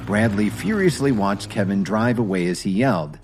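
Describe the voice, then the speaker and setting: A man narrating a dramatic story in an expressive way. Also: on the low side, normal speed, hardly any pauses, breathy edge, soft background music.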